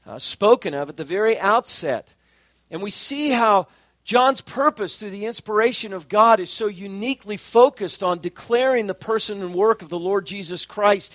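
A man preaching an expository sermon, measured and emphatic, slowing down to stress key phrases. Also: sits high, no echo. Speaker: pastor.

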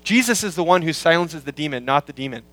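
A pastor working through a scripture passage in a sermon, explaining word meanings and repeating key lines for emphasis. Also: male voice, fairly high pitch, animated, pushed and bright, low-quality recording. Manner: quotes scripture in slowed, weighty tones. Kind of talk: expository sermon.

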